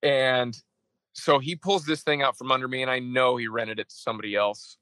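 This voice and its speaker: A man's voice: medium pitch, fairly quick, dry recording, rough recording. A man from Idaho, a golf caddie, telling a story in a casual interview and acting out what people said to him. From Idaho, USA. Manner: animated storyteller acting out his own texts.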